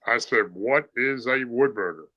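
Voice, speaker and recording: A man's voice: mid-range voice, unhurried, sharp tone, muffled recording. A man telling a story in a plain-spoken, rambling way, with many fillers. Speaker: guest telling an encounter story. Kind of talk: casual storytelling.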